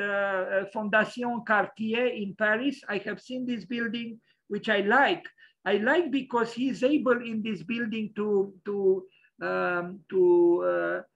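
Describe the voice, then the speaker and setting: Gravelly, hesitant male lecturer. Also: high voice, a bit bright, lo-fi sound. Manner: hesitant, many fillers, opinionated. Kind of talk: lecture over slides.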